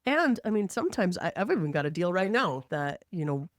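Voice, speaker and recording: A woman who works as a mortgage lender, telling a work story in an animated, conversational way and acting out the quotes. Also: on the low side, fairly quick, no room sound, clean studio sound.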